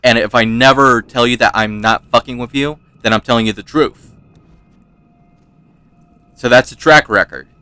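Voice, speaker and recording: A man's voice: mid-range voice, normal speed, long pauses, bright, forceful tone, smooth, no echo. A man giving casual let's-play commentary, rambling through personal stories, laughing often and swearing freely. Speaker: gaming YouTuber.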